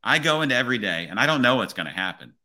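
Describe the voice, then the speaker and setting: A police officer hosting a podcast, talking in an earnest, motivational way and often checking in with "right?". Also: male voice, mid-range voice, sing-song, racing, sharp tone. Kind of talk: casual podcast conversation.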